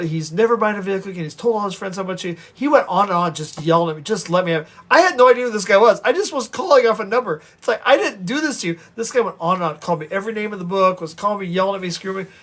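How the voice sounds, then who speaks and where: Male storyteller, high and quick, casual and animated, rambling with frequent restarts. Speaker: vlogger telling stories.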